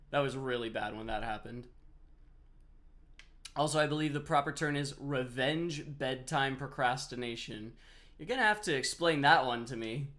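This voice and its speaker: A man's voice: mid-range voice, fairly bright tone. A man on a headset mic giving casual live game-stream commentary, chatty and rambling as he answers chat while he plays.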